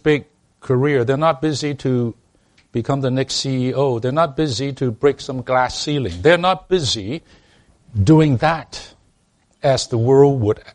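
A man's voice: mid-range voice, a little mellow. A man preaching a sermon to a congregation, emphatic, often restarting his words and asking them rhetorical questions. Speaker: pastor.

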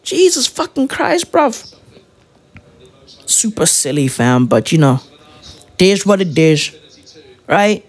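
A man's voice: sits high, wildly swooping pitch, slow pace, long pauses. A man giving a rambling, profane commentary full of slang and fillers. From South Africa. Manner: rambling, slangy, swears constantly, many fillers. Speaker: vlogger.

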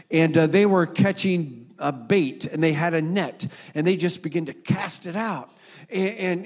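A man in his sixties, a pastor, preaching a sermon in a church, telling stories earnestly and slowing down to quote scripture. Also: on the high side. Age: 60s.

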